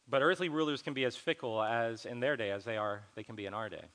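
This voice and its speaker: A man's voice: mid-range voice, fast, a bit bright. A young adult man preaching a sermon as pastor, conversational and earnest, acting out little dialogues as he teaches.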